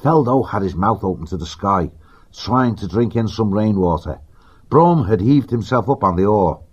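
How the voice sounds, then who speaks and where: Husky, low-voiced male storyteller. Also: normal speed. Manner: steady, vivid reading. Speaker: audiobook narrator. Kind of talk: scripted storybook narration. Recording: dull lo-fi recording.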